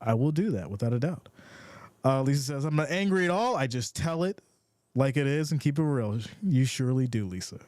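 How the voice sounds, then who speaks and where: A man's voice: medium pitch, lively intonation, brisk, a little mellow, no echo, studio quality. A man with a New York accent hosting a casual live sports stream, upbeat and greeting viewers, often repeating his phrases.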